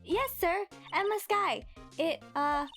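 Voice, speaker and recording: A woman voicing an eager, bubbly young woman in a game, pitched high and excited. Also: takes it slowly, soft background music, exaggerated voice. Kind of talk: reading game dialogue aloud.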